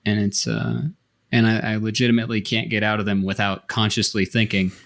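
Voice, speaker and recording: A man's voice: fairly low pitch, level tone, brisk, fairly bright tone. A man co-hosting a podcast, explaining his thoughts at length in casual chat. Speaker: podcast co-host.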